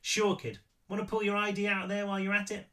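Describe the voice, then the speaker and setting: A man's voice: high-pitched, completely flat delivery, fast, bright, forceful tone, recorded from a distance, voice pushed up. A man voicing a tiny, sardonic elderly woman shopkeeper with a thick accent and a dry, teasing manner.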